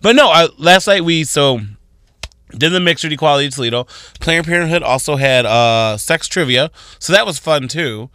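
A man co-hosting a morning radio show, telling stories with energy and slipping into high voices when quoting people. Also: moderate pace, clean tone, dry recording, clean studio sound. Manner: animated storytelling, voicing others in high tones. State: tired after a night of drinking. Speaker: radio co-host. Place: radio studio.

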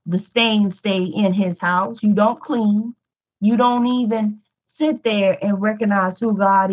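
A woman's voice: mid-range voice, darkish tone, lo-fi sound. A woman teaching a Bible study in a pleading preaching style, repeating lines for emphasis. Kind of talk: preaching sermon.

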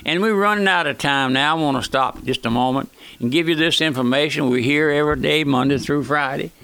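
A man's voice: fairly high pitch, a little fast, creaky, bright, forceful tone, clean tone, no room sound. An older man, preaching a radio sermon in a folksy way and often calling the listener his friend.

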